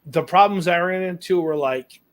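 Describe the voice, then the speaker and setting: A man recounts a road mishap in relaxed podcast chat. His voice sits a little high for a man. He rambles, swears freely and leans on fillers. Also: moderate pace. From United States. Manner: rambling, profane, full of fillers. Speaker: podcast co-host. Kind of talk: casual storytelling chat.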